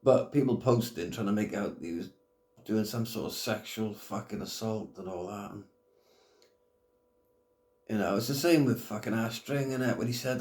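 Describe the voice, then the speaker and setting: Middle aged bloke ranting, swears a lot, lowish voice, roomy echo. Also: male voice, normal speed, pauses often, a little mellow. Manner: blunt, heavy swearing, blokey slang. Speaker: YouTube commentator. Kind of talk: casual rant to camera.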